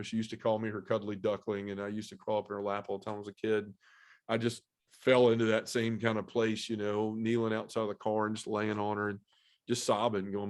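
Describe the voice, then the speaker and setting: A man sharing an emotional personal testimony as a podcast guest, earnest and halting, with many fillers. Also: fairly low pitch. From Memphis area, US South.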